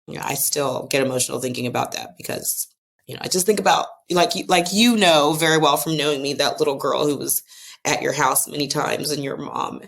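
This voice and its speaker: A woman's voice: low-pitched, brisk, vocal fry, a bit bright. A woman with an American accent telling a personal story in a casual podcast conversation, acting out the voices of the people she quotes. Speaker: guest author.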